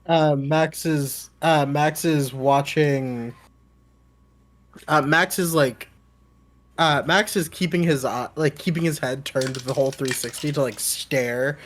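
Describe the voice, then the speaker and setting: A man playing a tabletop game, describing his character slowly with many restarts. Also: a little high, fairly even intonation, slight background noise. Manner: slow, halting, with many "uh" restarts. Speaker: player.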